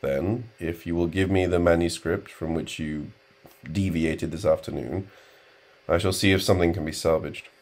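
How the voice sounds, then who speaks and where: A man's voice: sits low, fairly even intonation, moderate pace, a little mellow, close to an everyday voice. A man voicing a stern middle-aged male professor who speaks in a cold, level, weary way.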